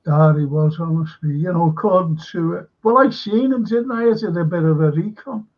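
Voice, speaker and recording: A man with a high, husky voice spins a rambling anecdote and throws himself into the quoted dialogue. The sound is dull and lo-fi. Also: fairly quick. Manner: rambling storyteller, acts out quotes animatedly. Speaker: show co-host. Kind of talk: casual anecdotal chat.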